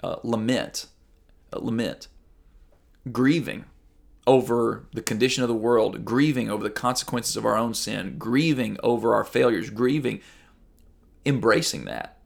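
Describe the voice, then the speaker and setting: A man's voice: medium pitch, measured pace, gravelly, pauses often. A man preaching a sermon as a pastor, earnest and conversational, reading Bible passages and mimicking people.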